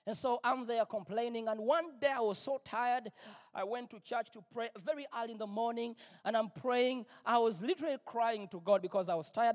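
High, lively-voiced male preacher, reverberant hall. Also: a little fast. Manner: emphatic, repetitive, rising to near-shouts. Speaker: pastor. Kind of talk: preaching testimony. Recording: long reverb, big hall.

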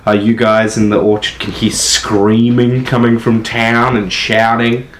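Low-voiced game master, halting with uhs. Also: male voice, flat delivery, fairly bright tone. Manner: halting, many filler uhs. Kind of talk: narrating a tabletop game. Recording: echoey room with noise.

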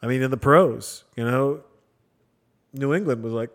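A middle-aged man hosting a casual chat, telling stories in an animated way and acting out other people's voices. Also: mid-range voice, normal speed, long pauses. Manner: animated, acts out voices in anecdotes. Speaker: podcast host.

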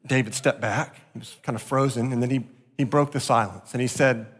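A man preaching a sermon as pastor, expressive, jumping up in pitch to act out quotes. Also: fairly quick, husky. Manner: expressive, acts out quotes with sharp jumps in pitch. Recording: long reverb of a large hall.

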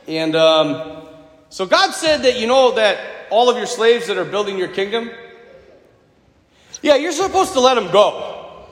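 Reluctant, hesitant Moses; the priest plays him in his own voice, high and animated, long hall reverb. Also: unhurried, pauses often. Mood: sheepish. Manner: hesitant, sheepish. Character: reluctant, nervous Moses, male. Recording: echoey church from a distance.

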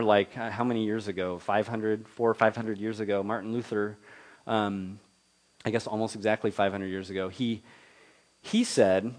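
Casual, rambling male pastor preaching. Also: medium pitch. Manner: casual, rambling with restarts and soft laughs. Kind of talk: conversational sermon.

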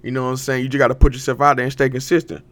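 A young man talks straight into the mic on his own podcast. His voice sits at a middle pitch. He rambles and swears, gets hyped and breaks into laughter. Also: little pitch movement, very fast. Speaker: podcast host. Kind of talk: casual motivational monologue.

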